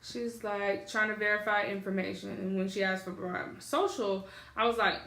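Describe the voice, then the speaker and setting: A woman's voice: mid-range voice, fairly even intonation, moderate pace, creaky, fairly bright tone, reverberant. A woman vlogger telling a story at home, acting out both sides of phone calls. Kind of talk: casual storytelling. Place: at home on her couch.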